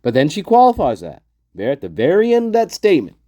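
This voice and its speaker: A man's voice: fairly high pitch, huge pitch swings, fast, mellow, no echo. Guy ranting casually on his show, swears a lot, chuckles, voice jumps up and down, dry close sound. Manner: blunt and profane, chuckling often; talks to the viewer and acts out people he quotes. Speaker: host of a true-crime commentary channel. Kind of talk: casual opinion commentary.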